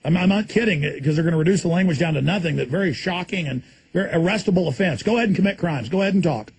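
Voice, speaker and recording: A man hosting a talk show, ranting erratically and suddenly exploding into shouts, speaking from a studio full of electronics. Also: high-pitched, animated, rapid-fire, gravelly, slightly rough.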